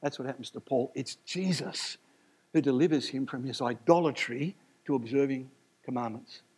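Husky preacher, animated and emphatic. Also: male voice, medium pitch, moderate pace. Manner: animated, rising to emphatic peaks, jokes and asides. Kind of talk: sermon.

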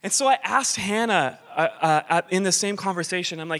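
A man with a fairly high voice preaches in a loose, conversational way. He questions himself aloud and restarts sentences as he works through his thoughts. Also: brisk, few pauses, a bit bright. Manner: informal, self-questioning, frequent restarts. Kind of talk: conversational sermon.

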